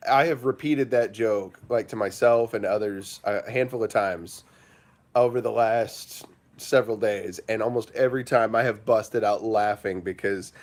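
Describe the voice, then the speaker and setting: A man hosting a casual morning livestream, rambling with lots of fillers and breaking into laughter. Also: fairly low pitch. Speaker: livestream host.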